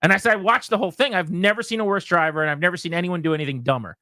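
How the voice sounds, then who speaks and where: A man hosting a radio show, telling a story in a casual, animated way and acting out the voices of the people in it. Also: sits high, rapid-fire, no echo, clean studio sound.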